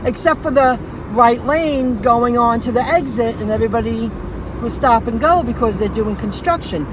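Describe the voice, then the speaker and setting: A woman with a high voice tells a rambling story on a casual livestream from inside a car. She repeats herself and restarts sentences as she goes. Clear road noise runs behind her voice. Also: normal speed. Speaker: food delivery driver vlogger.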